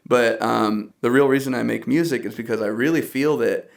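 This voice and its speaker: A man's voice: mid-range voice, moderate pace, vocal fry. Earnest young man telling a story. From Dallas area. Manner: earnest storytelling with laughs and quoted asides. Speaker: guest musician. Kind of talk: casual podcast conversation.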